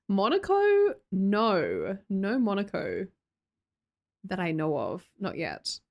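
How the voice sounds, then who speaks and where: Lively Australian woman streamer. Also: medium pitch, slow pace, muffled recording. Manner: chatty, reads chat aloud, laughs often. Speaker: livestream host. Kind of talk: casual livestream chat.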